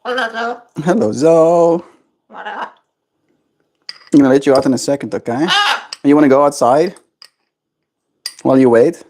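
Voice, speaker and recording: A man's voice: fairly high pitch, measured pace, pauses often, darkish tone. A man streaming casual chat while cooing affectionate baby talk to his pet bird at home.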